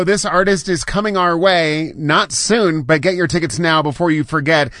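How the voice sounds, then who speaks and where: An energetic man with a high voice, speaking as a radio host in a station promo. Music plays underneath him throughout. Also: normal speed, few pauses. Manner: upbeat, energetic.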